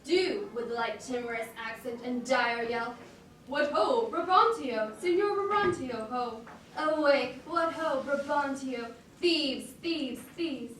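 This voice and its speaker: A woman playing a bitter, scheming male soldier in an amateur Shakespeare reading, declaiming with sharp outbursts, recorded in an echoey room from a distance. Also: a little high, level tone, measured pace, hardly any pauses, slight background noise, close to an everyday voice. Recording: echoey room picked up from afar.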